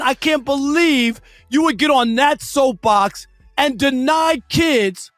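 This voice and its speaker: Male radio host, high voice, dry studio sound, indignant and shouting. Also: no room sound. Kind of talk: opinionated sports radio rant.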